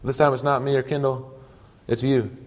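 A man's voice: medium pitch, little pitch movement, normal speed. A man preaching a sermon, telling stories earnestly in short emphatic phrases.

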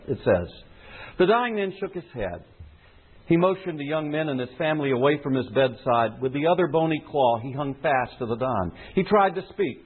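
Male preacher, earnest sermon, emphatic delivery, slightly high, husky, tinny phone-like sound.

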